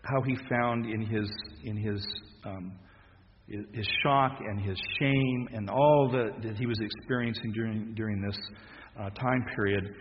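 A man preaching a sermon in a conversational, halting way, restarting phrases and laughing softly. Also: fairly low pitch, fairly even intonation, in a large hall, dull audio, slight background noise.

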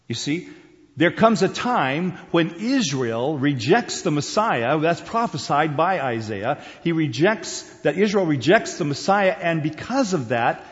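Older man teaching Bible, reverberant hall. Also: medium pitch. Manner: folksy and chatty, with chuckles and restarts. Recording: dull sound with long hall reverb.

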